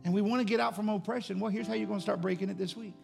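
Male pastor preaching, somewhat high and gravelly, emphatic, faint music underneath. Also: fairly even intonation, very fast, a little mellow. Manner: preaching with rising, emphatic bursts. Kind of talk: sermon.

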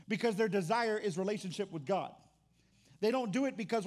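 This man's sermon comes in a high voice with lively intonation, a little on the fast side. As a pastor he speaks conversationally, restarts often, and imitates grumbling churchgoers in mock voices.

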